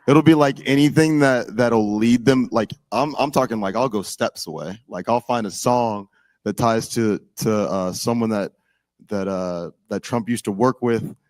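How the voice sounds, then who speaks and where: A young man with a fairly low voice talks in a loose, rambling way. He fills his sentences with "like" and restarts often, heard close on a dry recording. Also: measured pace, a little mellow, dry recording. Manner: rambling, filler-heavy, many restarts with "like". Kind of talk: casual political chat.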